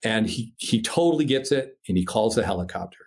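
American man, casual storytelling, profane, animated, mimics sounds. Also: fairly low pitch, a little fast. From United States. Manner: animated, profane, acts out voices and sound effects.

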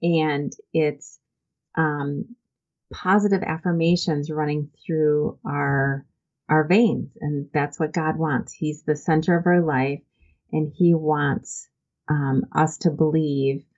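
A woman with a notably low voice speaks as an interview guest, earnest and heartfelt, often pausing on "um" and restarting her sentences. The recording sounds dull and lo-fi. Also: darkish tone. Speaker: interview guest, church volunteer program founder. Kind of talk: conversational interview storytelling.

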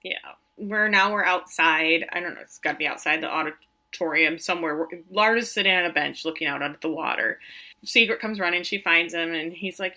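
A woman's voice: fairly quick, pushed and bright. A woman co-hosting a casual podcast, retelling film scenes and acting out the characters' lines in playful voices with giggles. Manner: acts out characters' lines with big pitch jumps and giggles. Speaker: podcast co-host recapping a film. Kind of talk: casual chat.

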